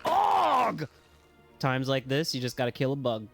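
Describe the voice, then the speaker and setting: An excitable man giving live commentary on a video game, swearing freely and yelping at every mishap. His voice sits at an ordinary, middle pitch for a man, with faint game music running quietly behind him. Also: quick pace. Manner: excitable, swears freely, yelps and talks to chat. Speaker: streamer. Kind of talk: casual live gameplay commentary.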